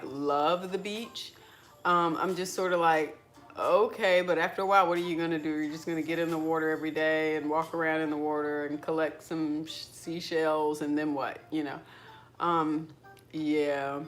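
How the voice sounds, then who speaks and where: A middle-aged woman, chatting casually and rambling over breakfast in a vlog, with lots of "like.". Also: sits low. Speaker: vlogger. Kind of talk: casual chat while eating breakfast.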